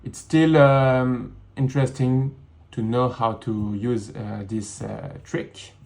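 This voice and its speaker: Male teacher, slow and deliberate, beginner lesson from a home studio. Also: mid-range voice, steady tone, creaky, darkish tone. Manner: slow, repeats words in English and French. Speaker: French teacher.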